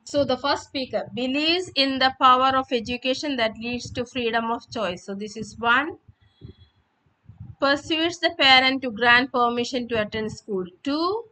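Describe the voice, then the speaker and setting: An English teacher with a high, bright voice explains textbook exercises to her students at a moderate pace on a rough recording. She's patient, repeating and rephrasing, and asks questions only to answer them herself.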